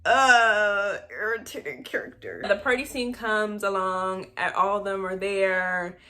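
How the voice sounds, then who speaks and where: Talking straight to camera, a young woman movie review vlogger gives a loose, chatty recap of a film's plot, cutting in with dry, sarcastic jabs and laughing at her own lines. Her voice is mid-pitched for a woman, sharp in tone and a little slow.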